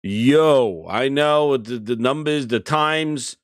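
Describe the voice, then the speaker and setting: A man hosting a gaming live stream in casual chat from his home streaming room. He is excitable and rambling, and calls out viewers' names from the chat. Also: medium pitch, takes it slowly, no room sound, clean studio sound.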